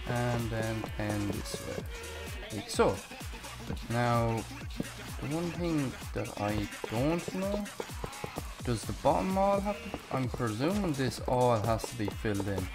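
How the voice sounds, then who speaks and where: A young man giving live gameplay commentary, excitable and often swearing as he talks to himself while playing. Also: mid-range voice, slow, over music. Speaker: gaming channel host.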